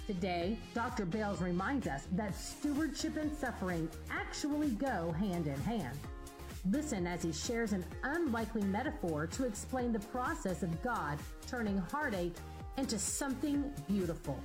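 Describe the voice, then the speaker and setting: A woman announcer giving a smooth scripted introduction to a radio sermon program. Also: mid-range voice, very animated, moderate pace, music in the background.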